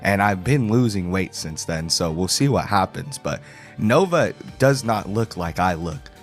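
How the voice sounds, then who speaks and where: A man's voice: low voice, expressive, measured pace, soft background music. A man in a played video clip, casually explaining himself in a rambling, self-deprecating way.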